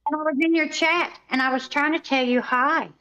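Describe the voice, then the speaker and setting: A woman's voice: high-pitched, fairly even intonation, a little fast, bright, forceful tone, highs cut off. A woman from Virginia with a Southern accent, chatting sweetly and in a friendly way on a group call. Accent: Southern American. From Virginia, United States. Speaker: caller from the chat. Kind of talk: casual group chat.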